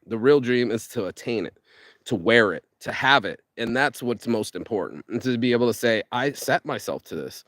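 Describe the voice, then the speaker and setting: Man, motivational vlog rant, profane, fired-up, middle pitch, dry sound. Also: lively intonation, moderate pace, fairly bright tone, no echo. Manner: profane, fired-up, rambling with restarts. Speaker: vlogger. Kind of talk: motivational monologue.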